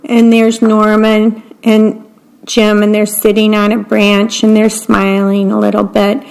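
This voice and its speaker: A woman reading picture books aloud in a gentle manner, describing the pictures as she goes. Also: medium pitch, completely flat delivery, measured pace, vocal fry, low-quality recording. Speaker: read-aloud storyteller.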